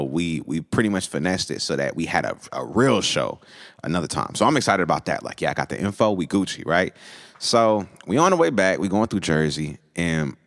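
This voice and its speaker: Deep-voiced young man telling a story. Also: no echo, clean studio sound. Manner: casual, animated, laughing, slangy. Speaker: musician vlogger. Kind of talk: casual storytime.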